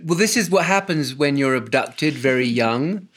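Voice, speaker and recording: A man's voice: medium pitch, animated, normal speed, crowd noise. Wry man with English accent. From born in Hawaii, raised in Portugal and England. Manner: wry, self-deprecating, hesitant restarts. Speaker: guest. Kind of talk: casual podcast chat.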